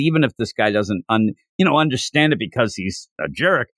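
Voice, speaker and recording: A man co-hosting a podcast, excitedly retelling a manga chapter in casual chat, rambling with many restarts. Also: mid-range voice, brisk, no room sound, clean studio sound. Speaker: podcast co-host. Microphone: podcast microphone.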